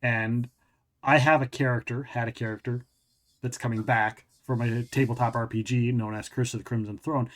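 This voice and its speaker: A man's voice: medium pitch, little pitch movement, normal speed. Chatty man telling a rambling story. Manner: rambling storyteller, loops back and restarts. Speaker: podcast host and tabletop game master. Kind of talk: casual interview chat.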